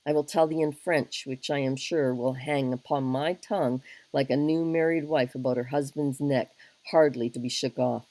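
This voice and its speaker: Brief: a woman voicing a soldierly young king who woos plainly, low voice, dry close sound. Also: warm tone, dry recording, low-quality recording. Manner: earnest, plain-spoken wooing. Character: young English king, blunt soldierly wooer. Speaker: teacher reading a play aloud. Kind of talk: dramatic reading of a play.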